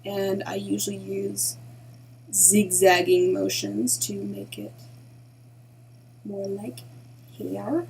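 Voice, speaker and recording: A woman talks through a digital drawing lesson at home, easygoing and chatty, her voice at an ordinary middle pitch. She keeps slipping into quiet, muttered half-whispers as she works. A faint hum sits under her voice. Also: unhurried, vocal fry, long pauses, low-quality recording. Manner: chatty, muttering soft half-whispered asides while working. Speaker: art tutorial host. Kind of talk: casual narrated drawing tutorial.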